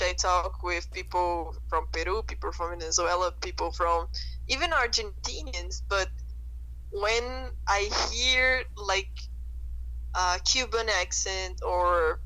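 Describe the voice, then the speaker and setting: A woman's voice: mid-range voice, bright, forceful tone, rough recording. Woman, podcast guest, hesitant, lots of fillers, medium voice. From Brazil. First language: Portuguese. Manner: hesitant, laughs often, many fillers. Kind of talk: casual conversation.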